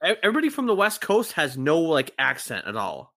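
Lively podcast man telling a monster tale. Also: fairly high pitch, fast. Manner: chatty, retells facts with hesitant restarts. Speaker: podcast co-host. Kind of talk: casual podcast storytelling.

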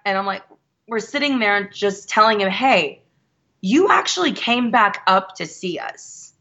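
A woman in her thirties telling a story in a casual chat, animated and quoting people as she goes. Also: mid-range voice, unhurried, highs cut off. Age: 30s. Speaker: guest.

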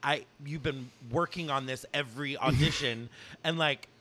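A man with a bright, forceful voice hosts a loose podcast chat. He gushes over his guest, swears casually and pads his talk with fillers. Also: mid-range voice, moderate pace. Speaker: podcast host. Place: bar.

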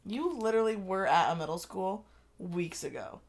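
A woman's voice: medium pitch, animated, normal speed. A woman co-hosting a podcast in casual chat, laughing often and dropping dry teasing asides. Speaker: podcast co-host.

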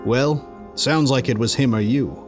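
A man voicing a gruff, folksy coroner who talks bluntly. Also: mid-range voice, unhurried, music in the background, lightly acted.

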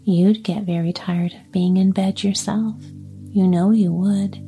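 A woman's voice: mid-range voice, fairly even intonation, unhurried, mellow, faint music behind, close to an everyday voice. A woman voicing a jolly, persuasive male pumpkin leader in a whispered role-play storybook reading. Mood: coaxing. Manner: coaxing, winning.

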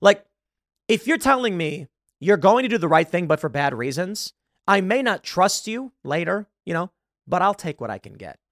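A man's voice: sits high, sing-song, moderate pace, fairly bright tone, dry recording, studio quality. A man hosting a political commentary monologue, talking in an emphatic, argumentative way and correcting himself as he goes. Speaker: host.

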